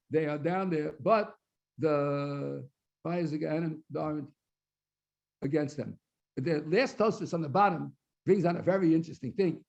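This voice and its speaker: At a study completion in a synagogue hall, a rabbi lectures on the Talmud in a fairly high, creaky, slightly mellow voice. He works through each source phrase by phrase with translation, now and then repeating words while finding the next phrase, and the recording is dull lo-fi.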